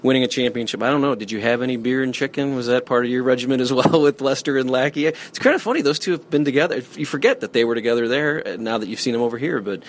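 A man's voice: medium pitch, fast talker, hardly any pauses, a little hiss or hum. A middle-aged man, a longtime broadcaster, asking rambling interview questions with fillers and restarts.

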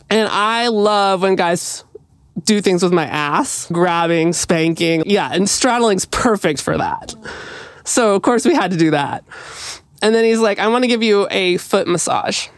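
A woman's voice: fairly low pitch, measured pace, no room sound, studio quality. A woman co-hosting a podcast, telling a story in casual chat and acting out the quoted lines with animation. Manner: animated, acts out quoted dialogue. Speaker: podcast co-host.

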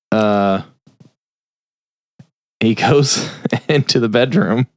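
A man's voice: lowish voice, smooth, no room sound. A man hosting a podcast, casually retelling a film's plot and briefly doing voices for the characters. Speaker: podcast host. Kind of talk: casual film recap.

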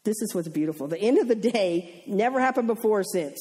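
A woman's voice: mid-range voice, fairly quick. A woman with a Southern US accent, a pastor's wife and teacher, telling stories in a church talk and acting out the voices of the people in them. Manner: animated, acts out the people in her stories.

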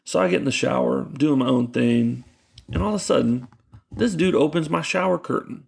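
A young man, a youth pastor, telling animated stories in casual chat with lots of fillers. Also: mid-range voice, brisk, gravelly, slightly rough. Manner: animated, laughing storyteller with many fillers. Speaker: youth pastor, podcast guest.

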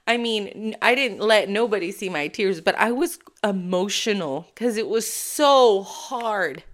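A woman's voice: medium pitch, unhurried. Woman vlogger hyping you up, punchy and emphatic, acts out her own head voice, sure of herself. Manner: animated, emphatic, acts out her inner thoughts; self-assured. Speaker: motivational vlogger. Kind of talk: casual motivational talk.

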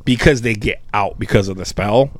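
A man co-hosting a podcast, rambling in casual, animated chat and swearing freely. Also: lowish voice, normal speed, no echo. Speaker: podcast co-host.

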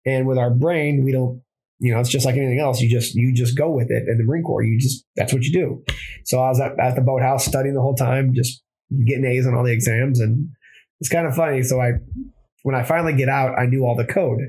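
A man's voice: medium pitch, fairly even intonation, quick pace, warm tone, breathy edge, low-quality recording. A man who is a plumber and former Marine, telling his story in a casual interview, rambling with frequent restarts and self-corrections.

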